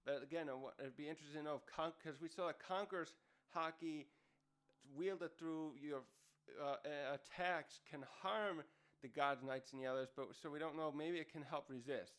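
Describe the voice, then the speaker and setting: Man reviewer, casual rambling commentary, slightly high, smooth clear voice. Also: fairly even intonation, moderate pace, fairly bright tone. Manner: rambling, self-correcting. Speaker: manga reviewer.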